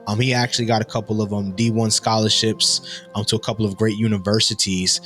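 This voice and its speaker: A young man in his twenties with a fairly low voice tells a personal testimony. He is animated, acting out every line of dialogue. Soft music plays faintly underneath. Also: fast. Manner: animated storytelling, acting out dialogue with big pitch jumps. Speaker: guest storyteller. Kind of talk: testimony story.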